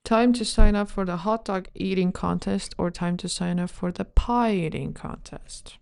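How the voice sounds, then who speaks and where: A woman's voice: medium pitch, normal speed, gravelly, darkish tone, clean tone. A young woman from Estonia with an Estonian accent, co-hosting a casual podcast chat in a laid-back, playful way, musing aloud. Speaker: podcast co-host.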